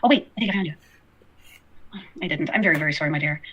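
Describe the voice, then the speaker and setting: A woman's voice: low voice, racing, a bit bright, breathy edge, muffled recording. A woman hosting a casual livestream, rambling and apologetic, her talk full of fillers. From Canada. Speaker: livestream host.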